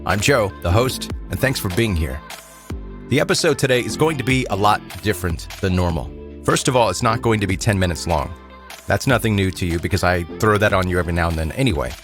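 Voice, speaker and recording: Man, podcast host, lowish voice, faint music underneath, casual intro. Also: fairly quick, a bit bright.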